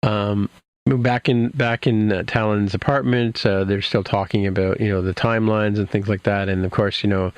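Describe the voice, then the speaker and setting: A man's voice: on the low side, steady tone, normal speed, no room sound. A man hosting a podcast, recapping a TV episode in casual chat, rambling with many fillers and restarts. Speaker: podcast host.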